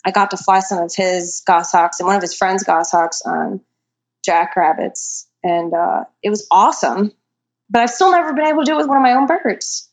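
This young guest falconer, in her twenties, is a chatty storyteller who leans heavily on fillers, saying "like" again and again in casual conversation. She speaks at a moderate pace with a medium pitch.

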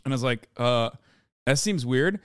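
A young man hosting a podcast, telling a story in animated, casual chat and acting out quoted people. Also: medium pitch, moderate pace, clean tone, dry recording, clean studio sound. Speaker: podcast host.

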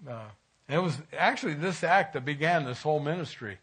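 A man's voice: a little high, expressive, fairly quick, fairly bright tone, slightly rough. Folksy man giving an informal sermon. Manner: folksy, conversational, with chuckling asides. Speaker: church speaker.

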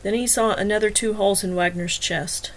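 Woman narrating an audiobook. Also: mid-range voice. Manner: even, measured storytelling.

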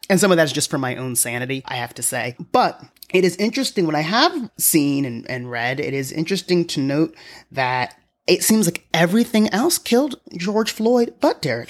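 A podcast host in a solo commentary, talking in a conversational, wry way and thinking aloud, recorded in a quiet apartment at home. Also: mid-range voice.

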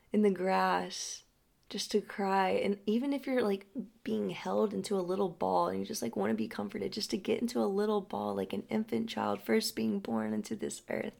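A young adult woman speaking slowly and softly as a healing guide, often sinking into a breathy half-whisper. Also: mid-range voice. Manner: slow, soft and drawn out, often dropping into a breathy half-whisper. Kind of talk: reflective spoken storytelling.

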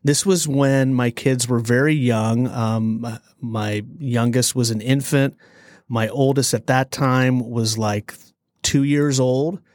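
A man co-hosting a podcast, telling a story in a lively, dramatic way. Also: mid-range voice, dry recording, clean studio sound. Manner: animated storyteller, dramatic pauses. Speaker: podcast co-host. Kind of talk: casual storytelling chat.

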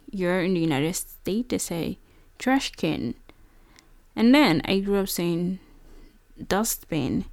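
Young Nigerian woman host, earnest personal monologue, low gravelly tone, close dry sound. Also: a little mellow, dry recording. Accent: Nigerian English. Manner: earnest, many fillers like "you know" and "like". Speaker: podcast host.

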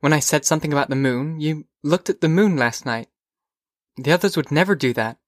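A man voicing a curious, whimsical teenage girl in an audiobook, with lilting, eager questions that come in quick bursts. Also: a little high, no echo, clean studio sound, natural voice. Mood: wondering. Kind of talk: audiobook character voice.

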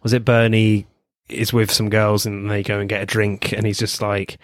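A man's voice: lowish voice, level tone, moderate pace, no room sound, clean studio sound. A man in casual film chat, laughing often, swearing freely and acting out favourite lines.

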